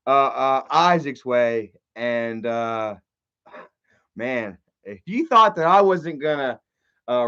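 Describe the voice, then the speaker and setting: A man hosting his own live stream, chatting loosely and profanely with lots of fillers and asides to his viewers. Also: fairly high pitch. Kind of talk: rambling casual live stream chat. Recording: dull lo-fi stream audio.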